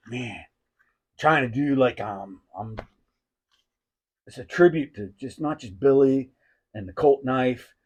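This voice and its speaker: Rambling, profane man with a low voice. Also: darkish tone, husky. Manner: rambling, profane, lots of fillers and restarts. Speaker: knife reviewer. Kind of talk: casual rambling monologue.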